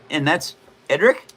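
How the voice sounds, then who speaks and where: A man's voice: a little high, sharp tone. A man in his seventies hosting a casual livestream, joking and rambling with frequent laughs. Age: 70s. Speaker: livestream host.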